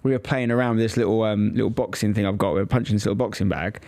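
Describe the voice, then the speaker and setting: Man telling lively stories. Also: fairly low pitch, racing. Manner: lively anecdotal storytelling, acts out quoted voices. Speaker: podcast co-host. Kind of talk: casual chat.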